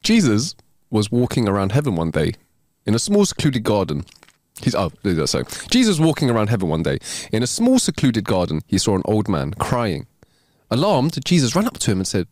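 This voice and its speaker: A man's voice: fairly low pitch, no room sound. A man co-hosting a podcast who tells jokes and stories in casual chat and laughs easily. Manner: animated storyteller, quick to laugh. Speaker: podcast co-host. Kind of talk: casual joke-telling chat.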